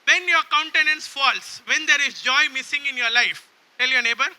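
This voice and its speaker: A man's voice: very high-pitched, moderate pace, sharp tone. A man preaching a sermon, drawing call-and-response from the congregation and repeatedly asking if they understand. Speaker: pastor.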